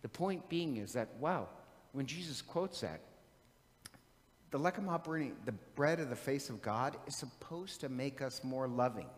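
A man's voice: medium pitch, animated, moderate pace, big-room sound. A man preaching a sermon in a chatty, joking storytelling manner.

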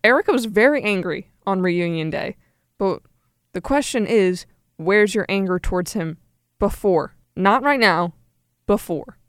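A woman's voice: medium pitch, expressive, a little slow, smooth, no echo, studio quality. A young woman co-hosting a podcast, chatting casually about a reality show with bursts of exasperation. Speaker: podcast co-host.

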